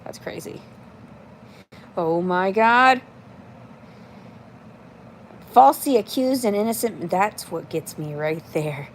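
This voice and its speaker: A woman in her thirties talks on a casual livestream at an ordinary middle pitch. She speaks bluntly and curses freely, rambling as she answers her chat. Faint noise hums behind her. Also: slow pace, pauses often.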